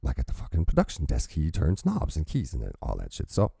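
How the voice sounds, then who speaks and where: Brief: male reaction host, extremely deep, gravelly, profane casual commentary, dry close sound. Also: huge pitch swings, warm tone, no room sound. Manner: profane, pauses music to quote and comment.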